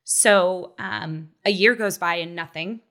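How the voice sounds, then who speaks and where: A woman in her thirties telling a personal story in casual chat, acting out quotes with lively shifts. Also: fairly low pitch, slow. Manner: animated storyteller who acts out quotes. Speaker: guest, mother.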